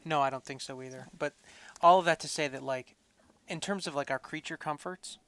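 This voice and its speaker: With a fairly high, clear and resonant voice, this man speaks fairly quickly as a podcast co-host. He keeps things relaxed and casual, rambling and filling his speech with fillers.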